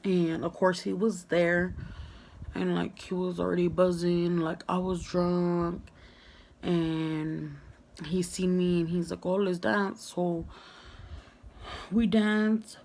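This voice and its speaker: Young woman vlogger, gravelly candid storytime. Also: fairly low pitch, flat delivery, slow pace, pauses often, darkish tone. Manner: candid, frank, heavy swearing, lots of "like". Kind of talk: casual storytime monologue.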